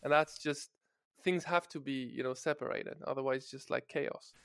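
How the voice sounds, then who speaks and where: A man's voice: mid-range voice, moderate pace, vocal fry, clear, resonant tone, no echo, clean studio sound. A man with a French accent, a guest chatting casually from his home office over a call, playful and hesitant with many restarts. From France. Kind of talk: casual remote podcast chat.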